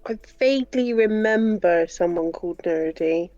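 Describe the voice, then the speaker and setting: A woman's voice: lowish voice, normal speed, warm tone, no echo, dull audio. A woman guest on a casual online video call, teasing and blunt. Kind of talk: casual online hangout chat.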